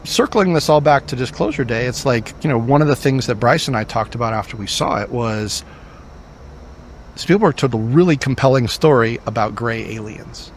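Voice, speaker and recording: A man chats casually on a podcast, thinking aloud and hedging his ideas. His voice sits at an ordinary middle pitch. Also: expressive, normal speed, a little hiss or hum. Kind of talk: podcast conversation.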